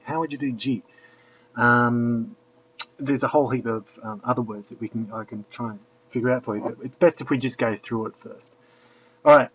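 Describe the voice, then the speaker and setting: A man's voice: medium pitch, slight background noise. A man teaching a language lesson, patiently explaining and repeating drills aloud. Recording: dull lo-fi recording.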